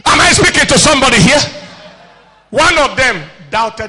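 High bright-voiced preacher shouting to a congregation. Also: male voice, lively intonation, normal speed, pauses often, in a large hall. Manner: swings between shouted declarations and low quiet asides, calls to the congregation. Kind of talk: sermon.

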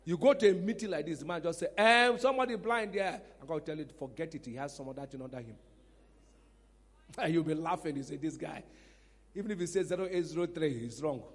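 A man preaching a sermon as pastor, animated, breaking into shouts and laughter. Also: on the high side, brisk. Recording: reverberant hall with faint music.

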